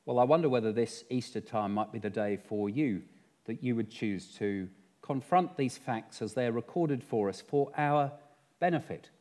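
A man preaching an earnest, measured sermon in a church, gently inviting listeners to pray. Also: mid-range voice.

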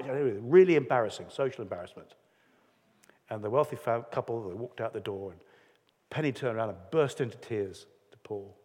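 A man's voice: lowish voice, animated, normal speed, darkish tone, slightly rough. A man preaching a sermon in an earnest, conversational way, acting out quotes as he goes. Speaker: pastor. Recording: long hall reverb.

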